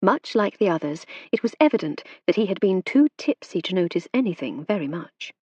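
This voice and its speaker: A woman narrating an audiobook with expressive, varied storytelling. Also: lowish voice, a little fast, breathy edge, no room sound. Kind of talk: scripted narration.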